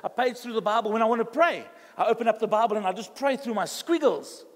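Speaking quickly, a high-voiced pastor with a South African English accent delivers a conversational, lively sermon, acting out dialogue in different voices as he narrates stories. The church hall adds a long reverb.

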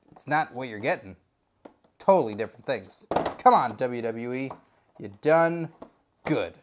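A man's voice: medium pitch, big pitch swings, normal speed. A man hosting a comedic unboxing video, talking in a goofy, jokey, rambling way. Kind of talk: casual comedic unboxing chat.

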